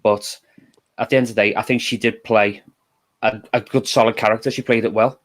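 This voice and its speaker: Low-voiced Liverpool man, measured. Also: fairly even intonation. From England. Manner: measured, thoughtful, explains at length. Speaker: co-host. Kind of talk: casual film discussion.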